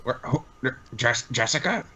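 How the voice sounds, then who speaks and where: A man's voice: mid-range voice, animated, bright, forceful tone, husky. A man playing a tabletop game, speaking hesitantly with stops and restarts. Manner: hesitant, halting. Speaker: player. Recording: dull lo-fi with faint noise.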